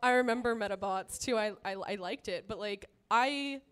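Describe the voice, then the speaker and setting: A woman's voice: medium pitch, moderate pace, clear, resonant tone. A woman guest in a casual group chat who giggles and rambles with fillers.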